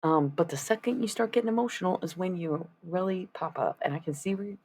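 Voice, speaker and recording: A woman's voice: fairly low pitch, fast, darkish tone, a little hiss or hum. A woman chatting casually on a live stream as she paints, rambling and swearing freely in asides to her viewers.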